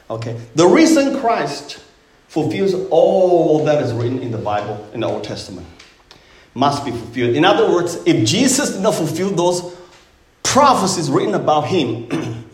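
A middle-aged man preaching an Easter sermon as pastor, emphatic, putting rhetorical questions to the congregation. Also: fairly high pitch. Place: church sanctuary. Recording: roomy echoing sanctuary.

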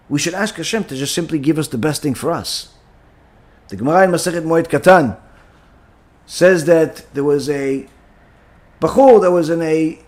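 Animated high-voiced rabbi teaching. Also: male voice. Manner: animated, emphatic, many "you know" fillers, religious terms. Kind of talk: Torah lesson.

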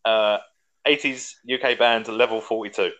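Lower-voiced man moving things along. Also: fairly even intonation, a bit bright, poor audio. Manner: brisk, laughing, runs the list. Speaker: podcast host. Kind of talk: casual podcast chat.

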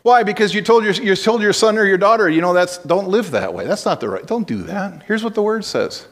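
A man's voice: high voice, animated, fairly quick. A man preaching a sermon as pastor, telling stories conversationally and breaking into blunt exhortations, with frequent restarts.

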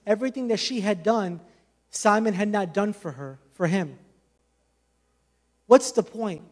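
Man, very high voice, passionate preacher, conversational sermon, casual asides. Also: a little slow, long pauses.

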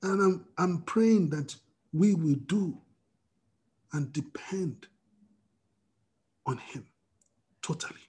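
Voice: mid-range voice, drawn-out words, pauses often, darkish tone, breathy edge. A preacher giving an emotional, fervent sermon, often restarting phrases.

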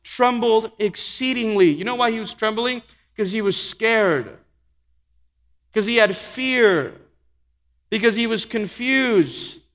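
A man with a high voice delivers a sermon from a pulpit. He changes pace and volume for emphasis and hammers on repeated phrases, and his words ring out with long reverb through a large hall. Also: lively intonation, slow, pauses often, a bit bright. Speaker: pastor.

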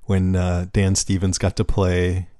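A man's voice: deep voice, completely flat delivery, a little slow, mellow, dry recording. A man co-hosting a casual podcast, easygoing and stumbling over restarts as he wraps up the show. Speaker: podcast co-host. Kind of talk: casual chat, show outro.

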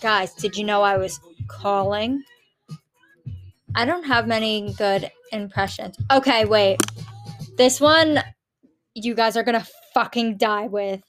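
A woman's voice: mid-range voice, slow pace, pauses often, a bit bright, soft background music. A young woman chatting casually to her viewers, rambling and swearing with giggles. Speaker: vlogger. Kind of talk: casual chat.

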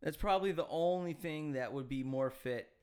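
A man's voice: on the high side, moderate pace, a little mellow, clean tone. A man co-hosting a casual chat, telling a story in a rambling, hesitant way with plenty of fillers and swearing. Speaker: podcast co-host.

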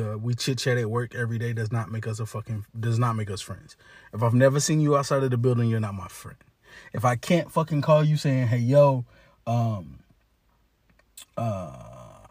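A man's voice: medium pitch, no room sound, clean studio sound. A man ranting in a casual, blunt monologue, cursing heavily and talking in slang, with lots of restarts. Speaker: monologue speaker. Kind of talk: profane casual rant.

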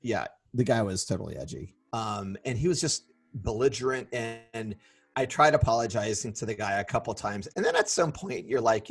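A husky middle-aged man tells a story on a casual podcast. He talks in an animated way and slips into the voices of the people he quotes. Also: lowish voice, normal speed. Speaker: podcast co-host.

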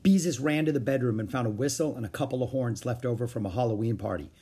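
A man reading a children's book aloud in an expressive storytelling manner. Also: medium pitch, fast, breathy edge.

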